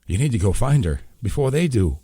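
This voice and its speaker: Narrator doing a hurt young man, strained and urgent, slightly raised pitch, dry. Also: sing-song, fairly quick, warm tone, slightly rough, no echo. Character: wounded young man, wry and worried.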